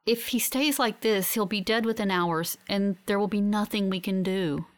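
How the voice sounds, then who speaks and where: A woman voicing a steady woman scientist who explains things in a measured way. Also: mid-range voice, lightly acted. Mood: calm.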